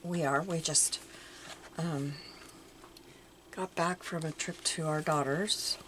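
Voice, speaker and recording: An older woman chatting casually at home as she shows off her craft finds, musing aloud and sometimes dropping into soft murmurs. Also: low-pitched, fairly even intonation, slow pace. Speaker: crafting vlogger. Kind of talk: casual show-and-tell chat. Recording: audible background noise.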